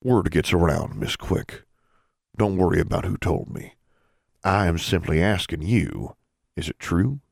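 A man's voice: sits low, a little slow, creaky, a little mellow, dry recording, studio quality, heavily acted. A man voicing a stern, pompous middle-aged dean in an audiobook.

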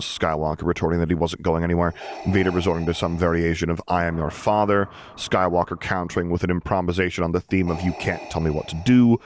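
A man narrating a story with a wry, measured delivery. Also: sits low, slight background noise. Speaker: audiobook narrator. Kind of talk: fan fiction narration.

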